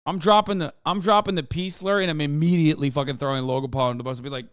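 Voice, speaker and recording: A man's voice: fairly high pitch, very fast, hardly any pauses, smooth, no echo, studio quality. A man hosting a live stream, reacting to clips with sarcastic, sweary commentary. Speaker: streamer host.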